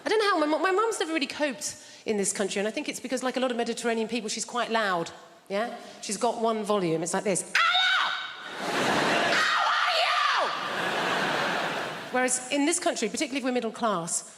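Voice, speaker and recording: A woman's voice: on the high side, expressive, fast talker, noisy background. An English woman doing stand-up with a dry, self-deprecating delivery, performing in a large theatre. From England. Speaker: stand-up comedian. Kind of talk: stand-up routine. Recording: reverberant hall with loud audience.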